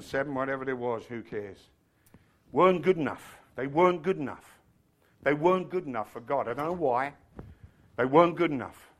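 A man preaching a sermon, swinging from loud shouted passages to quiet, chatty, humorous asides. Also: medium pitch. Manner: tells stories with humor.

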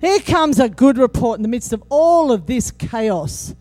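A woman preaching a sermon, animated and humorous, acting out scripture quotes with sudden jumps in voice. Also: on the high side, measured pace, faint music behind.

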